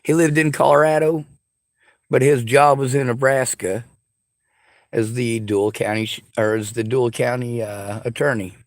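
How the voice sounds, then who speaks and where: A man's voice: mid-range voice, fairly even intonation, moderate pace, no room sound, clean studio sound. A man delivering a sarcastic, profanity-laced rant straight to his audience. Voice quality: sarcastic, combative. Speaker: vlogger. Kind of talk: angry profane rant to camera.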